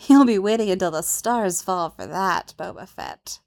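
A woman voicing a proud, teasing young princess, speaking softly and often in a hushed whisper. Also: medium pitch, moderate pace, creaky, natural voice.

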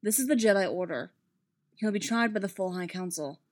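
A woman's voice: mid-range voice, expressive, fairly quick, close to an everyday voice. A woman voicing a grim, tense male Jedi knight. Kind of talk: fan fiction read aloud.

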